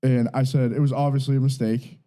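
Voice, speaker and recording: A man's voice: mid-range voice, level tone, a little fast, background noise. A man, a podcast guest, telling a funny story and laughing through his own retelling. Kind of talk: casual storytelling.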